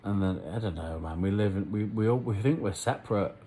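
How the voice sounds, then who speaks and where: A man's voice: on the low side, brisk, mellow, slight background noise. A man rambling on in a casual, self-mocking monologue to camera, swearing freely. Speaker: vlogger.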